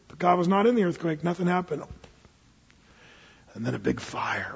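A male pastor preaching a sermon, animated, acting out characters from scripture with big swings in pitch and loudness. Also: normal speed, vocal fry, pauses often, breathy edge. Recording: muffled recording with long hall reverb.

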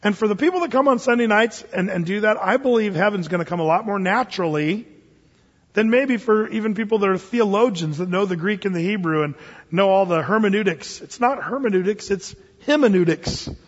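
Husky-voiced male pastor in an echoing hall. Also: fairly quick. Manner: animated, emphatic preaching that drops soft and low into prayer. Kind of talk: sermon and closing prayer. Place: church sanctuary. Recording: muffled recording in a reverberant church hall.

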